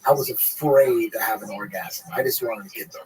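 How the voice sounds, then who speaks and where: A man's voice: on the low side, fairly quick, crowd noise, low-quality recording. A man guest on a podcast, telling a rambling, profane story in a laid-back, casual way.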